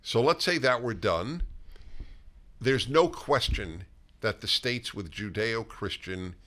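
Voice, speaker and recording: Older man with a bright forceful voice. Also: lowish voice. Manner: emphatic, halting restarts. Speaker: host. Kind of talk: political talk show conversation.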